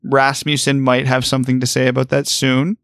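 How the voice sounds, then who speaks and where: A man's voice: medium pitch, completely flat delivery, fairly quick, fairly bright tone, no echo, studio quality. A man co-hosting a casual sports podcast, reasoning through his points with rhetorical questions. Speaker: podcast co-host.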